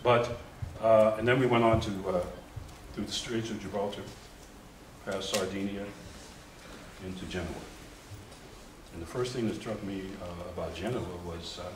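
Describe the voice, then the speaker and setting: A man's voice: lowish voice, normal speed, long pauses, noisy background. Older American man telling stories, distant roomy sound. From United States. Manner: lively, humorous anecdotes with chuckles and restarts. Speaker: guest speaker. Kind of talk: storytelling talk at a forum. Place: lecture hall.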